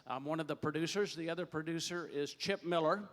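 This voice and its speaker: An older man with a slightly higher voice works the crowd as a warm-up emcee, folksy and joking, swelling into loud calls. He speaks on a handheld stage mic, and his words ring out through a long hall reverb. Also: a little fast. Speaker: producer warming up a studio audience. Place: large hall or theater stage.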